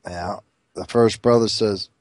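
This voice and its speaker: A man telling crude jokes as an animated storyteller, doing many character voices. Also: fairly low pitch, measured pace, no room sound, clean studio sound. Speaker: joke teller.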